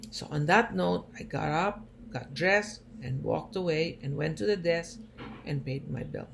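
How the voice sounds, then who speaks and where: Woman, gravelly voice, emphatic storytelling, noisy recording. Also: low-pitched, a little slow. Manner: emphatic, indignant retelling. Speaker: cancer survivor sharing her story. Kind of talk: personal storytelling talk.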